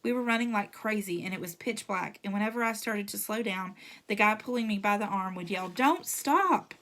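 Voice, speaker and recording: A woman's voice: mid-range voice, brisk. Woman reading a novel aloud. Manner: steady, storytelling. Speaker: reader.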